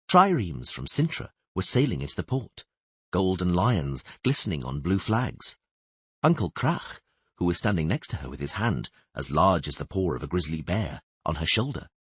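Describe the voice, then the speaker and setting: A man narrating a fantasy audiobook in steady, expressive storytelling. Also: sits low, slightly rough, no echo. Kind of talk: scripted narration.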